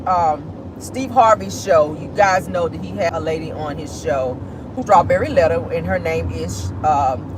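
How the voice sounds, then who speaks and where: A woman giving sassy, animated celebrity gossip commentary while driving in her car. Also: medium pitch, background noise. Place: in a car, driving near an airport.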